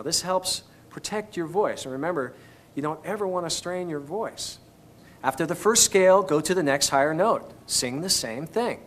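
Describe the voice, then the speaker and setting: A man's voice: a little high, a bit bright. A man teaching singing on an instructional video, patiently coaching each step. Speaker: vocal instructor.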